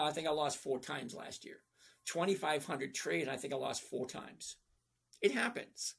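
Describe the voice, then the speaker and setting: A middle-aged livestream host replies to viewer chat on trading, speaking bluntly, folksily and casually with frequent "okay?" checks. His voice is on the high side, slightly rough, with vocal fry.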